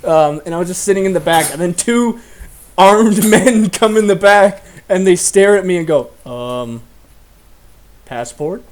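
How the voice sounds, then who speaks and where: A man's voice: high voice, moderate pace. A young man hosting a casual chat, telling stories animatedly and laughing often. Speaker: host.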